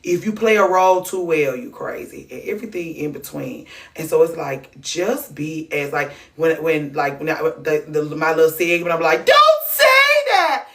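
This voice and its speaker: A woman's voice: low-pitched, moderate pace, few pauses, distant mic. A woman hosting a casual livestream, talking candidly and profanely, rambling and restarting her sentences. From Atlanta. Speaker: livestream host. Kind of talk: casual livestream chat reacting to clips and comments.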